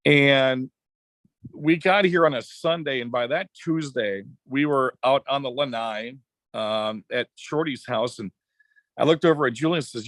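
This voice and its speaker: Middle-aged man, from Wisconsin, casual storyteller, animated, mid pitch, dry sound. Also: moderate pace, no room sound. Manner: chatty, animated anecdotes with quoted dialogue. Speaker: podcast guest, former racetrack announcer.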